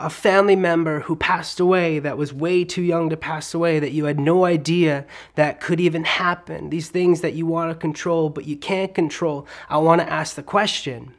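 Male preacher, slightly high voice, lively comic storyteller in a sermon.

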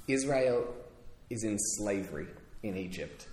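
A man preaching a sermon to his congregation in a conversational way, pausing often with fillers and restarting his sentences. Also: medium pitch, a little hiss or hum. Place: church hall. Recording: roomy hall reverb.

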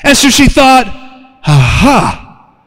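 Animated preacher in a reverberant church. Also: male voice, high-pitched, measured pace. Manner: animated preaching with call-outs to the congregation. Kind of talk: sermon. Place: church sanctuary. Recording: long hall reverb.

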